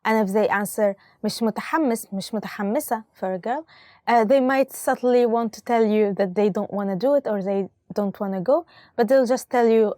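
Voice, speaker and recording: A woman's voice: fairly high pitch, a little fast, warm tone, no echo, clean studio sound. Cheerful Egyptian woman teaching vocabulary. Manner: cheerful, laughs often between examples. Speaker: language teacher.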